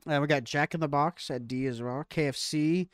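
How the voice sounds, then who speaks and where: Guy hosting a podcast, swears a lot, jokey, bit high voice, dry sound. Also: moderate pace, no echo. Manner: profane, joking banter. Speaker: podcast host. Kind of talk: casual chat.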